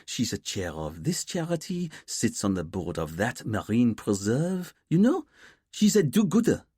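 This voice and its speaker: A man voicing a young female detective sergeant who speaks quickly, eagerly and matter-of-factly. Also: medium pitch, sing-song, warm tone, slightly rough, dry recording, studio quality. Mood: brisk.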